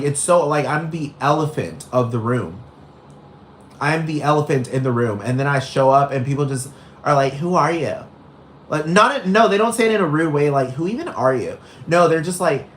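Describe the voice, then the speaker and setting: A man's voice: mid-range voice, slight background noise, close to an everyday voice. A man performing a brash, gossipy young woman who goes on a rambling, profane rant in a comedic character monologue. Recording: roomy echo.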